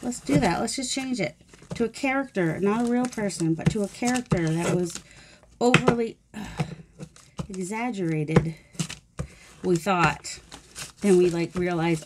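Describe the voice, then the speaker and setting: A woman's voice: mid-range voice, measured pace, pauses often, heavy background noise. A woman chatting in a rambling, self-deprecating way while she works on a mixed media collage. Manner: rambling, musing aloud while working. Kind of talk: chatty crafting vlog.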